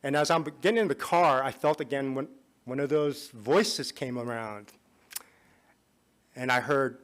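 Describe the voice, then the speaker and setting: A man telling a personal story during a conference talk, in a conversational way that often drops to a soft, confiding tone. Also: mid-range voice, moderate pace. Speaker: conference speaker. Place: conference hall.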